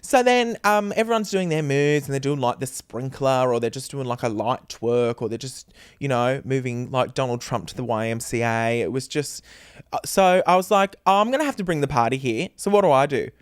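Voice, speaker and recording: A man's voice: moderate pace, clean tone, no echo, clean studio sound. A man, co-hosting a podcast and telling a story in casual chat, acting out what people said. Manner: animated, acts out quotes with big pitch jumps. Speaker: podcast co-host.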